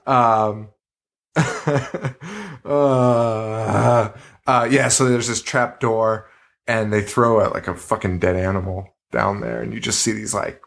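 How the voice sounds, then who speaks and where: A man co-hosting a podcast in casual chat, animated, swearing freely and laughing often. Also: lowish voice, takes it slowly, creaky. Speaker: podcast co-host.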